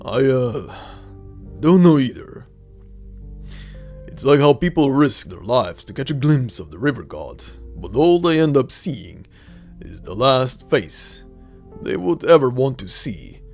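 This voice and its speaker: A grave, stately ghost of an ancient king, played by a man, with a gravelly edge and lively rises and falls in his pitch. He talks in formal, old-fashioned phrases, like a figure from a fan-made audio drama, over faint background music. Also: measured pace. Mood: solemn.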